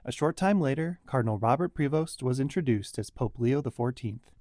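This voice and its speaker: Male podcast host, mid-pitched, measured scripted read, dry close mic. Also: expressive, a little mellow, no room sound. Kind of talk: scripted narration.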